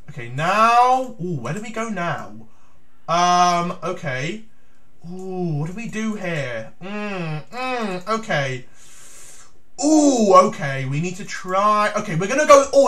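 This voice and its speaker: A man giving theatrical, excited commentary on his own chess game as he plays, breaking into shouts. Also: sits high, takes it slowly. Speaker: chess YouTuber.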